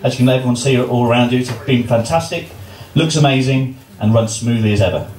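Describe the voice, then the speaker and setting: A man's voice: medium pitch, fast. An English man giving his wedding speech as the groom, joking and poking fun at himself. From England. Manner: joking, self-deprecating. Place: wedding reception venue. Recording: roomy, distant, loud crowd noise.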